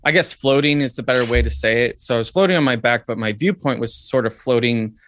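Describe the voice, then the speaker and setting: Male guest, mid-pitch, dry close sound, reflective storytelling with frequent fillers. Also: quick pace, fairly bright tone, no room sound. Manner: reflective, lots of "like" and "um". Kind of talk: telling a personal story.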